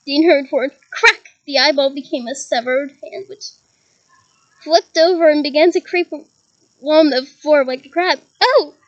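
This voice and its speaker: High-voiced woman reading a story aloud. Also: normal speed, muffled recording. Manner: lively reading with chuckles and side comments. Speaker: reader.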